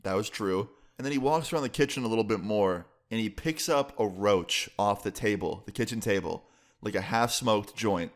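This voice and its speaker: This vlogger, a young man, tells a story from his own life casually, rambling with filler words and the occasional curse. He talks at a normal speed in a fairly low voice.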